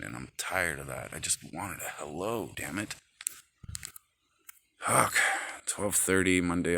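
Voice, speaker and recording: A man's voice: low-pitched, gravelly, sharp tone. A man rambling into his phone camera in an agitated, profane rant. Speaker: vlogger.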